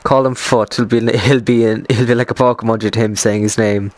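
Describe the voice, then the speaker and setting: A man's voice: medium pitch, fairly even intonation, no room sound. A young Irish man with an Irish accent, chatting casually and self-mockingly on a live stream. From Ireland. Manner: jokey, self-mocking, quick to laugh.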